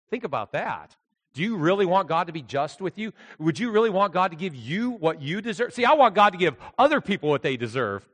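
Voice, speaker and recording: A man preaching a sermon with emphatic delivery, swinging between loud outbursts and quiet asides. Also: fairly high pitch, lively intonation, fairly quick, in a large hall. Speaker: pastor.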